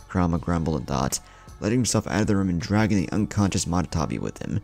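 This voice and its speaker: A man reading a fan story aloud as narrator, in an animated way. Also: low voice, fast talker, creaky, soft background music. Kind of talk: scripted narration.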